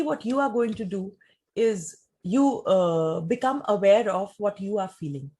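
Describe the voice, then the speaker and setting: Husky woman speaker. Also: medium pitch, darkish tone. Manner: measured and explanatory, with rhetorical questions. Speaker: speaker answering audience questions. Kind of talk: talk with audience Q&A.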